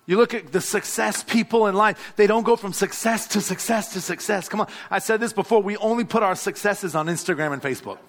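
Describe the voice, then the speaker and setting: A man's voice: sits high, a little fast, hardly any pauses. A male pastor, preaching a sermon and calling out to the congregation. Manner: exhorting, calls out to the congregation.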